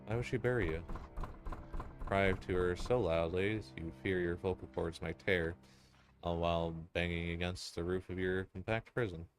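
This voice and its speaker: A man narrating a dark second-person story in a solemn, ominous and deliberate way. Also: low-pitched, steady tone. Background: music.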